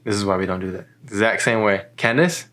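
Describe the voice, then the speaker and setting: A soft-spoken man talking calmly and evenly on a couple's vlog. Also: on the low side, fairly quick. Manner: soft-spoken, calm, even tempo. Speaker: vlogger, husband. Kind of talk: casual couple chat.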